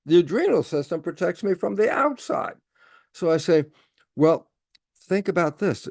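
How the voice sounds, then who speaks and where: A man's voice: a little high, darkish tone, no echo, clean studio sound. An older man explaining as a podcast guest, lecturing and acting out questions and answers with himself. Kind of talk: explanatory talk.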